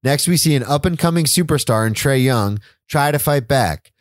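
A man's voice: mid-range voice, animated, normal speed, no room sound. A young man reads his own essay aloud on a podcast with an earnest, emotional delivery. The recording is dry and close, with no room sound. His voice sits in a middle range for a man. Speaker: podcast co-host. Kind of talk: reading a written essay aloud.

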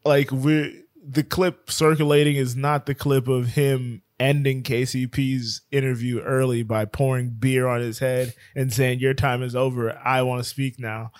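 A man co-hosting a sports podcast, talking loosely and laughing often as he trails off and starts over. The sound is dry and close, with no room in it, and his pitch sits in the middle of the usual range for a man. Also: little pitch movement, measured pace, hardly any pauses, dry recording. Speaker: podcast co-host. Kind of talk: casual sports chat. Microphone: podcast microphone.

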